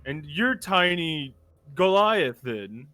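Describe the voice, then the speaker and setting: Man voicing a big friendly adventurer, bright lively voice, chatty, rambling, tabletop game. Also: on the high side, slow pace, dry recording, heavily acted.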